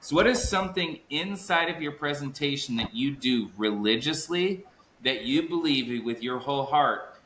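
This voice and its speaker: A man's voice: medium pitch, lively intonation, moderate pace, a bit bright, reverberant, slight background noise, low-quality recording. A man hosting a sales podcast in an upbeat, hype-building way, stretching out key words for emphasis. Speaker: podcast host. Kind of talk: energetic podcast chat.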